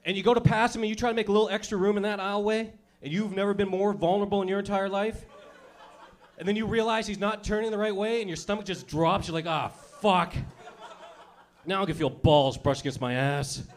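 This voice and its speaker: A man's voice: sits high, steady tone, fast talker. A man doing a crude, brash stand-up comedy routine, acting out little scenes as he goes. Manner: crude, brash, acts out characters.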